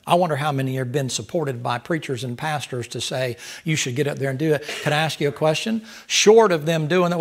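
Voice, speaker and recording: A man preaching a Bible study with a gravelly, fry-edged voice pitched a touch high for a man. He hammers points with rhetorical questions, rising loud and then dropping soft. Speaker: pastor.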